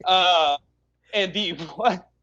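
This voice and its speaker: A man's voice: high-pitched, drawn-out words, bright, forceful tone, dull audio. A man with a Midwestern accent, co-hosting a casual movie review chat with wry, profane jokes. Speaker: podcast co-host.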